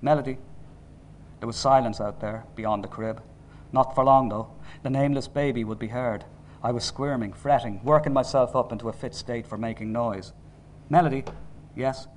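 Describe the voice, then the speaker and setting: A man's voice: medium pitch, normal speed, a little hiss or hum. Man narrating an audiobook.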